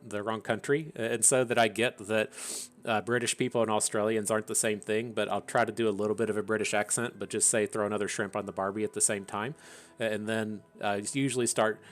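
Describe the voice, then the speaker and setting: A man hosting his gaming channel, thinking aloud in chatty, casual commentary and laughing at his own tangents. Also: fairly low pitch.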